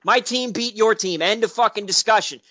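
A man rants into a sports radio call, combative and profane, circling back to the same jabs again and again. His voice sits high and sharp. The audio comes through dull and lo-fi. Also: brisk. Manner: profane, combative, repetitive ranting. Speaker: caller. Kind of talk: angry sports radio rant.

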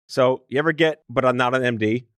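A man's voice: mid-range voice, brisk, fairly bright tone, no echo. A man from New York hosting a podcast interview, teasing and joking with his guest. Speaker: podcast host. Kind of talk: casual interview.

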